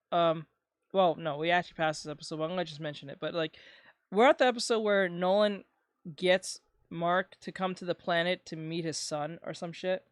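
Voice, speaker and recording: A woman streamer chatting casually, rambling and swearing, with bursts of loud ranting. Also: lowish voice, clean tone, no room sound, clean studio sound. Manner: rambling and profane, breaking into loud ranting and laughter. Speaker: streamer reacting to videos. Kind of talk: casual chat.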